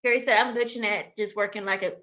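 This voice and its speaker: A woman's voice: medium pitch, steady tone, fast talker, bright, forceful tone. A young adult woman, hosting a casual livestream, reading the chat and laughing often as she talks to viewers.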